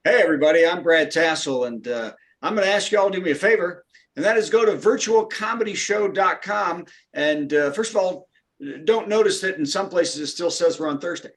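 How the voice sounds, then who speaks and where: A man hosts an online comedy show and rambles through a plea for donations, joking and cutting himself off as he goes. His voice is quite high for a man. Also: lively intonation, fairly quick. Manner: rambling, joking, self-interrupting. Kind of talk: casual chat.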